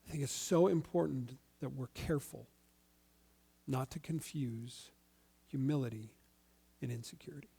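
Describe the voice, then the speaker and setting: A male pastor giving a sermon in a conversational, animated storytelling way. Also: mid-range voice, moderate pace, gravelly, long pauses, husky.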